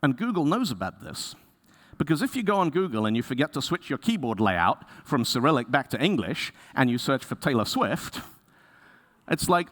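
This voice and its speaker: A man giving a conference talk, telling stories in a lively way and acting out the people he quotes. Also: medium pitch, normal speed. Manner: lively storyteller, acts out quoted voices. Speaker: conference speaker. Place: conference stage.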